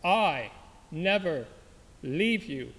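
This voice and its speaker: A calm divine voice speaks slowly and solemnly, with gentle weight, as a male storyteller puts it on. Each word is drawn out and hangs in a long hall reverb. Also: fairly high pitch, exaggerated voice.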